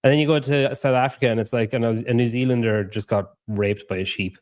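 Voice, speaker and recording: A man's voice: mid-range voice, steady tone, brisk, a little mellow. A man hosting a casual podcast, joking and rambling with plenty of fillers. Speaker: podcast host. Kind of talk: casual chat.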